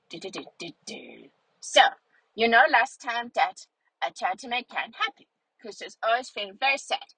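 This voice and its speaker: A woman as a chatty, breathy schnauzer dog. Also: medium pitch, bright, forceful tone, no room sound, exaggerated voice, poor audio. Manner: childlike, rambling and playful. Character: cheerful chatty young female schnauzer dog. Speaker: vlog narrator in character. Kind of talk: storytelling in character.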